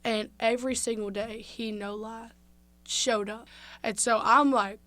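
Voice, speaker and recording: A woman's voice: fairly high pitch, unhurried, no room sound. A young woman, a podcast guest telling a heartfelt story in casual conversation. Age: young adult. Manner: heartfelt, animated, drops to a hush at tender moments.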